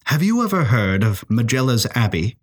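A man's voice: medium pitch, sing-song, normal speed. A man voicing a cool, guarded young woman sleuth.

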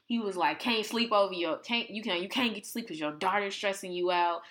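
Her voice is medium in pitch and fairly quick. As a podcast co-host, she discusses faith casually and animatedly, performing quotes with plenty of energy.

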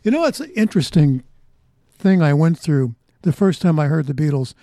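A mellow, slightly higher-pitched older American man talks on the radio between records. He rambles in a folksy, reminiscing way, close to a studio mic in a dry, dead room. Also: big pitch swings, moderate pace, no echo. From United States. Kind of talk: casual radio chat between songs. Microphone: studio microphone.

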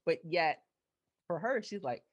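A woman's voice: fairly low pitch, lively intonation, measured pace. A woman hosting a casual chat, reflecting aloud and asking probing questions.

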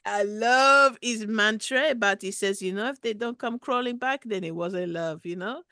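A woman voicing a flirty male rat from Paris who calls into a podcast, with a put-on French accent and a loud, hammy manner. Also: mid-range voice, normal speed, clean tone, no echo, studio quality, natural voice. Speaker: podcast caller.

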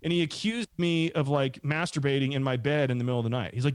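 A man's voice: mid-range voice, fast, few pauses, smooth, no room sound. A middle-aged man telling a long story in a casual, rambling way, acting out what other people said. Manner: rambling, animated, acts out quoted voices.

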